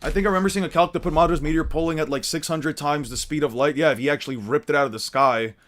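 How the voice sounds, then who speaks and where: A man giving casual, animated fan commentary, rambling and restarting as he argues a point. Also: fairly high pitch, very fast. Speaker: anime commentator.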